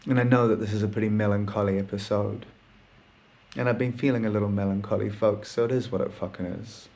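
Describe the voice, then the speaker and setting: A man's voice: fairly low pitch, steady tone, fast, a little mellow. A man hosting his own podcast in a candid solo monologue, melancholy, rambling and swearing a lot, laughing now and then as he talks. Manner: rambling, heavy swearing, laughs through sad talk. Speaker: podcast host; therapist.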